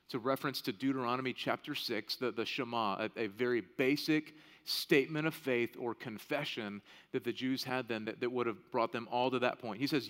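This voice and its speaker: A man's voice: mid-range voice, fairly even intonation, a little fast, fairly bright tone. A man in his thirties preaching a sermon in a conversational way, often checking in with "right?". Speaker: pastor. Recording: long reverb of a large hall.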